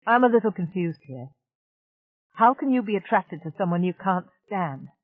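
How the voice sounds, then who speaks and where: A woman doing a calm, teasing station mind. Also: medium pitch, moderate pace, no echo, natural voice. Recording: dry, tinny narrow-band audiobook.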